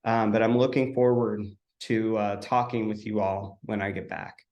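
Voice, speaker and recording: A man's voice: fairly low pitch, steady tone, normal speed, darkish tone, lo-fi sound. A man hosting a weekly motivational talk for real estate agents, coaching them in a direct, encouraging way. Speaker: coach and host.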